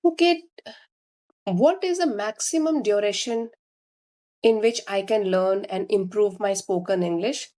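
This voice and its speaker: Indian woman teacher, slow and deliberate. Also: mid-range voice, warm tone. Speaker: spoken English teacher. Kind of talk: instructional talk to learners.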